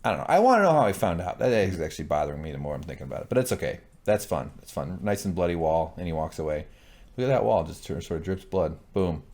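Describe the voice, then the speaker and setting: A man's voice: low voice, fast talker. A man co-hosting a casual shot-by-shot recap, joking, swearing and mimicking characters as he talks. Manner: animated, joking, voices characters mid-sentence, profane. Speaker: podcast co-host.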